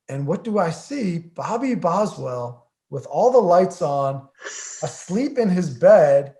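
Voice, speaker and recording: A man in his thirties talks as a podcast guest, his voice pitched a touch high. He tells his side of a story with lively swings, slipping into quiet asides between bursts of energy. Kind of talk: casual chat.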